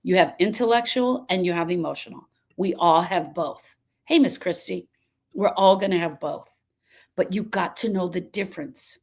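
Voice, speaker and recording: A woman coaching on grief in a live stream, answering viewers by name. She repeats her points with emphasis and often sidetracks. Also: mid-range voice. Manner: emphatic and repetitive, restating points, prone to sidetracks.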